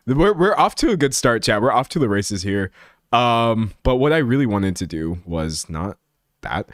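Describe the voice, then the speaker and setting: A young man streaming live, chatting with his viewers in a joking, self-mocking way. His pitch jumps around a lot. The sound is dry and close, with hardly any room around it. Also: sing-song, moderate pace, fairly bright tone, dry recording. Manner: self-deprecating, chatty, laughs often. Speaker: livestreamer. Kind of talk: casual live-stream chat while editing.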